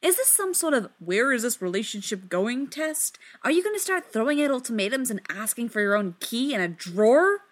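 A woman voicing an anxious, excitable man who gets close to hysterical when flustered. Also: drawn-out words, dry recording, exaggerated voice. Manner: high-strung, rising to near-hysterical.

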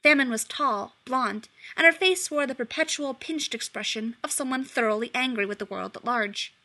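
A woman reading a story aloud in a lively, expressive way. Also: high-pitched, normal speed. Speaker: reader.

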